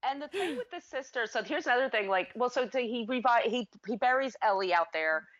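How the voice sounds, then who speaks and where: A woman's voice: fairly high pitch, expressive, fairly quick, fairly bright tone, lo-fi sound. A woman co-hosting a casual film review chat, retelling plot scenes at length. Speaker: podcast co-host.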